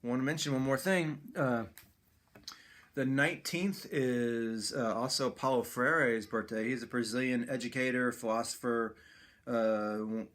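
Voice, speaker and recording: A middle-aged man giving casual morning announcements, relaxed and friendly, with fillers and restarts. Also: mid-range voice, unhurried.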